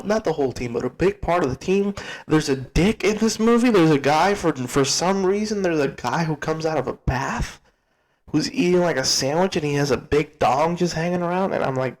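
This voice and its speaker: A young man giving a casual spoken movie review, blunt and excitable, repeating words and swearing freely. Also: a little high, normal speed, poor audio.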